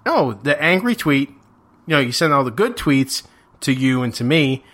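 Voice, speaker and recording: A man's voice: medium pitch, very animated, normal speed, fairly bright tone. A man co-hosting a podcast, chatting casually, rambling with false starts and casual swearing, into a microphone. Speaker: podcast co-host. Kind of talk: casual chat.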